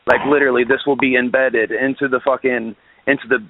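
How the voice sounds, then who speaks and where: A man rants down a tinny phone line as a guest musician, full of swearing and restarts. His voice sits at a middling pitch. This is casual phone-in interview talk. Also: level tone, fairly quick. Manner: ranting, profane, restarts his sentences.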